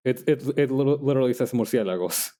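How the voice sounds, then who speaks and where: A young man casually chatting while he makes digital art, self-mocking and quick to laugh. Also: mid-range voice, mellow. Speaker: digital artist streamer. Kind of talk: casual narration while drawing.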